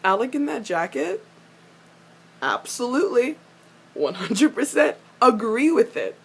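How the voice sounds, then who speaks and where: A woman's voice: measured pace, husky. A young woman giving a casual fan recap of a TV episode, gushing and ranting at the characters, swearing freely and laughing often. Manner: excitable, swears a lot, gushes and rants at characters; laughs often, squeals high when excited. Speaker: fan reviewer reacting to a TV episode.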